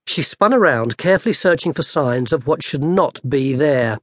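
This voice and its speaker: A man narrating an audiobook in a lively, dry storytelling manner. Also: on the high side, normal speed, hardly any pauses, no echo. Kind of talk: scripted narration.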